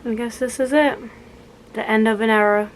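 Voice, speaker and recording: A young woman in her early twenties talks straight into a close camera, rambling, backtracking and correcting herself as she goes. Her voice sits a touch high, loose and conversational. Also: fairly even intonation, moderate pace, slight background noise. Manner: chatty, rambling, self-correcting. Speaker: vlogger. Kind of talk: casual chat to camera.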